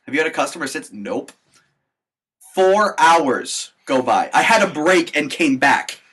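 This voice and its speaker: A young man co-hosting a podcast, telling work stories in an animated, casual way. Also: on the high side, a little slow, slightly rough. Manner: animated storyteller. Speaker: podcast co-host. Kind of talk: casual chat.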